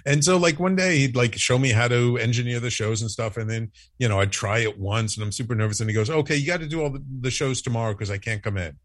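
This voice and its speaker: A man telling a story in a casual interview, acting out the quoted lines with lively, animated delivery. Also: mid-range voice, fast talker, hardly any pauses, no echo. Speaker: podcast network founder, guest.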